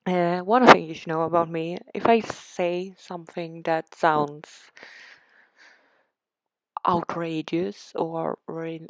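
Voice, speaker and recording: A woman's voice: fairly low pitch, steady tone, slow pace, fairly bright tone. A young Swedish woman with a Swedish accent, chatting casually and sarcastically over a game build, rambling and self-deprecating. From Sweden. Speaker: game build video creator. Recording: dull, lo-fi dry sound.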